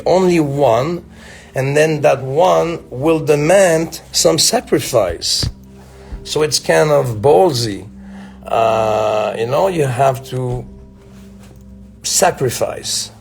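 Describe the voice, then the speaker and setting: A man from Belgium with a Belgian French accent, a native French speaker, giving a reflective motivational talk to his fans in a slow, musing way with halting restarts. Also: mid-range voice, creaky.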